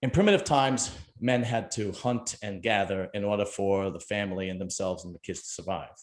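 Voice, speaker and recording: A man's voice: on the low side, brisk. A middle-aged man, hosting a casual chat and telling a rambling, joking story. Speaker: podcast host.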